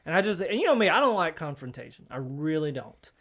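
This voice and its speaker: A man telling an animated story in casual chat, acting out the voices and laughing at himself. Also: a little high, fast talker.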